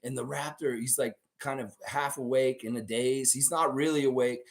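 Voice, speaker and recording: A young man with a hoarse voice hosting a live stream, rambling animatedly through stories and chat with his viewers. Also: mid-range voice, steady tone, normal speed.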